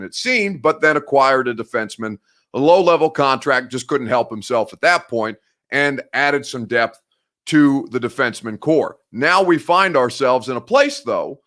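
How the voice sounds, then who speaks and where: Fired-up sports host with Midwestern accent. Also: male voice, medium pitch, fairly bright tone. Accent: Midwestern American. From Indiana. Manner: heated, sarcastic, swears freely. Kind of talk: sports talk show rant.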